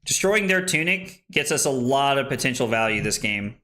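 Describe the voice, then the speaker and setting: A young male streamer chats loosely through a card game, his voice bright and ringing. He swings up and down in pitch all the time, quick to laugh and quick to curse. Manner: excitable, laughing, swearing freely. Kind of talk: casual live-stream chat while playing.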